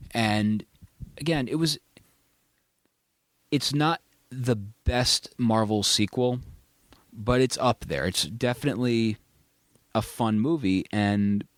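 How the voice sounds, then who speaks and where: A man with a somewhat low voice hosts a relaxed movie-review chat. He rambles cheerfully and jokes at his own expense. The sound is dry and close to the mic. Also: no echo. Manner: enthusiastic, rambling, jokey. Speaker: podcast host.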